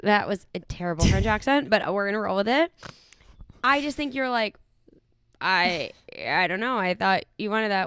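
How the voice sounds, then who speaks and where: A woman's voice: medium pitch, animated, moderate pace, fairly bright tone, smooth, dry recording. A young woman co-hosting a podcast who reads a listener's letter and then gives frank, chatty advice. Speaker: podcast co-host. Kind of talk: casual chat.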